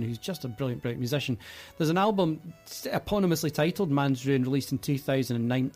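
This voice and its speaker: A man's voice: medium pitch, a little mellow. A man hosting a radio music show, chatting casually and enthusiastically with rambling asides. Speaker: radio host.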